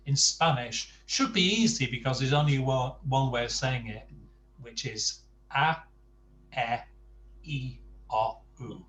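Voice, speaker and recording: A man coaching Spanish pronunciation at an unhurried pace. He is patient and encouraging, his sentences often fading off quietly. His voice sits in an echoey room with a faint hum underneath. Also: medium pitch, recorded from a distance. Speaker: Spanish tutor. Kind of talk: online language lesson, coaching pronunciation.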